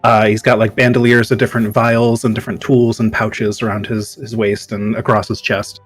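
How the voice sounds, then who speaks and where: A man's voice: fairly low pitch, flat delivery, a little fast, faint music behind. Hesitant man describing his game character. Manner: hesitant, searching for words. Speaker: player.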